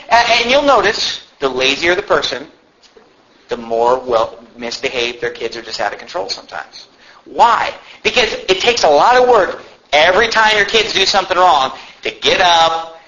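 A man preaching a sermon in an animated way, now and then shouting mocking impressions. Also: sits high, highs cut off, slight background noise. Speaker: pastor.

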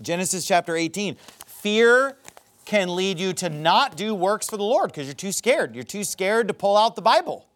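A man preaching a sermon with a high, lively voice. He reads scripture and acts out characters' words with mocking, animated emphasis. His pitch climbs and swoops as he drives each point home. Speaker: pastor.

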